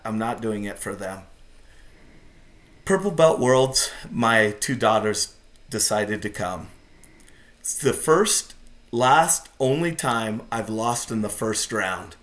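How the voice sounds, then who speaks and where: This middle-aged man, a jiu-jitsu competitor appearing as a podcast guest, has a mid-range and somewhat bright voice. His casual storytelling comes across as intense and self-deprecating.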